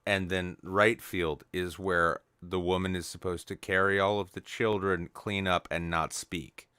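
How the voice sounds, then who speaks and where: A man with a low, resonant voice trades crude jokes on a live podcast. He rambles into self-mocking, deadpan asides. The sound is dry and close. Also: a little slow, clean tone, dry recording. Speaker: podcast co-host. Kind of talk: crude comedic banter. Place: studio, live stream.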